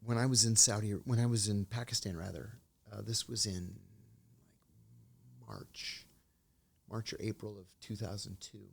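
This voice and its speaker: A middle-aged man, a former intelligence officer, telling measured anecdotes as an interview guest. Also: lowish voice, gravelly, slight background noise. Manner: measured anecdotal storytelling, acts out quoted dialogue. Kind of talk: storytelling in an interview.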